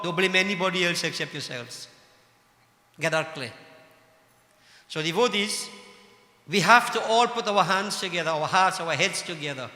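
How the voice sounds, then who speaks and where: A religious leader preaches to his devotees in a high, very bright voice, scolding them with passion and firing off rhetorical questions. His sermon echoes through a roomy temple hall with a long reverb tail.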